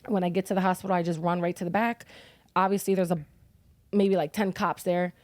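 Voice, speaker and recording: A woman's voice: fairly low pitch, little pitch movement, fairly quick, a little mellow, no room sound. Raw-voiced grieving young mother, dry sound. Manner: raw, blunt, swears often. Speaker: grieving mother as podcast guest. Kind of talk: emotional personal storytelling.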